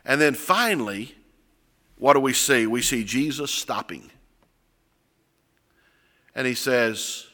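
A man preaching a sermon, retelling stories animatedly, acting out voices and shouting. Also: mid-range voice, sing-song, a little slow, long pauses. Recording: long hall reverb.

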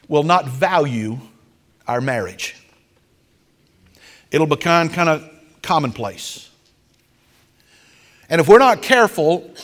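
A man preaches in a fairly high voice that swoops and climbs with lively animation, telling stories with dramatic flair. His sermon rings through the long reverb of a large hall. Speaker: pastor.

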